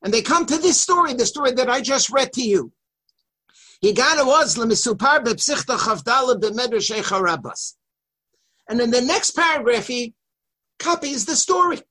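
A man teaching a Torah lesson who reads Hebrew passages quickly and translates them line by line. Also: extremely high pitch, expressive, sharp tone, husky. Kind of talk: lecture on a religious text.

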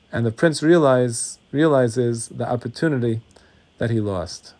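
A man preaching as a rabbi, telling a parable that he acts out, with his voice dropping to hushed tones. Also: mid-range voice, normal speed. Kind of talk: sermon with parable.

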